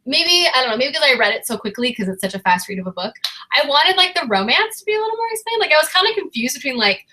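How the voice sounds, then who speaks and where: A young woman co-hosting a casual live book chat. She talks in a lively, chatty way and acts out what the characters say. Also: high-pitched, fast talker. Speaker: co-host.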